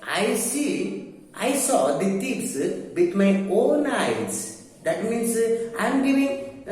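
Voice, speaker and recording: A male teacher explaining grammar deliberately, pausing often with hesitations. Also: sits high, a little mellow. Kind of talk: grammar lecture. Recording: very echoey room, mic far off.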